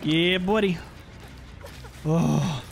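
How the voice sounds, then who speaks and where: Streamer, male: high, bouncy voice, unhurried delivery, noisy stream audio. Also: creaky. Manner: animated, playful, yells at the game. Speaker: livestreamer. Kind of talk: live gameplay commentary.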